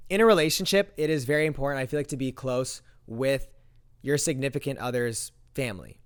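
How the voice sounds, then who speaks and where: Animated young man telling a story. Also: fairly high pitch, fast. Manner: animated, acts out quoted lines. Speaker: vlogger. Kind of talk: casual storytelling. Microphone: handheld mic.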